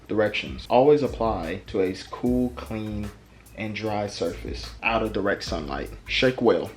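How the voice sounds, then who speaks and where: A young man talks easily through a car-detailing review, his voice sitting on the low side. His delivery is loose and chatty, full of informal slang. Soft music plays faintly behind him. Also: lively intonation, measured pace. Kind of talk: casual product review vlog.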